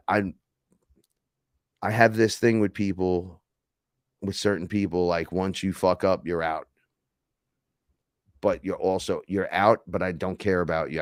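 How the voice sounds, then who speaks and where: A man's voice: low voice, no room sound, studio quality. A man hosting a casual livestream, talking in a heated, rambling, profane way. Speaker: podcast host.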